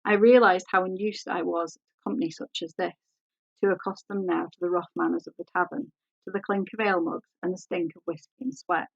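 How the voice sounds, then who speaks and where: A woman author reading her novel aloud in a measured, composed way. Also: fairly low pitch, steady tone, vocal fry, no echo, highs cut off.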